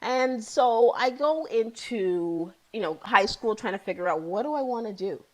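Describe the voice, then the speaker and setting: A woman's voice: a little high, expressive, normal speed, a little mellow, rough recording. A woman in her thirties or forties, a psychotherapist guest, telling her own story candidly and with feeling, often repeating key phrases. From Ontario, Canada.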